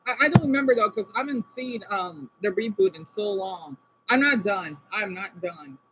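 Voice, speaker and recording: A man's voice: sits high, expressive, moderate pace. A man chatting casually as a vlogger, reacting to videos with rambling, apologetic, playful asides. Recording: slightly dull, faint background noise.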